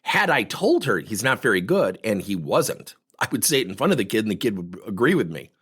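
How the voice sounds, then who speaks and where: A man's voice: fairly low pitch, big pitch swings, brisk, fairly bright tone, breathy edge. A middle-aged man coaching on workplace conversations, telling stories with energy and animation. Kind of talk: podcast monologue with acted anecdotes.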